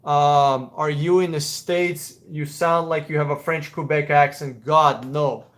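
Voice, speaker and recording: A man's voice: a little high, fairly even intonation, unhurried, a bit bright. Blunt, cursing Russian-accented man. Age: adult. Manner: blunt, profane, opinionated. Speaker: livestream host answering chat questions. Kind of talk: casual live Q&A.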